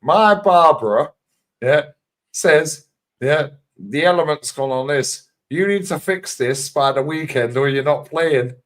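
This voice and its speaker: A man putting on an impression of a gruff, cantankerous older football manager, blunt and scornful. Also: fairly high pitch, lively intonation, a little slow, voice pushed up. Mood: demanding.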